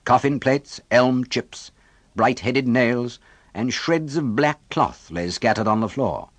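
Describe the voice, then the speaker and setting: A man narrating a classic novel as an audiobook, measured and expressive, on a close studio mic. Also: medium pitch, slightly rough, dry recording.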